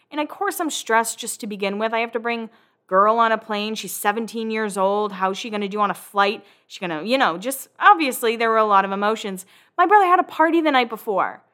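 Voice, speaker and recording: Chatty young woman with a bright voice. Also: medium pitch, clean tone. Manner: chatty, swears freely, quotes people in animated voices. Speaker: podcast host recapping a reality show. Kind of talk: casual recap chat.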